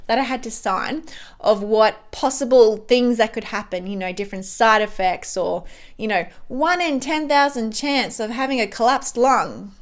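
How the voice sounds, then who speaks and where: A woman's voice: fairly high pitch, moderate pace. A young woman chatting at home while doing her makeup, rambling with fillers and restarts as she gives a life update. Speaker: beauty vlogger. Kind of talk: chatty get-ready-with-me update.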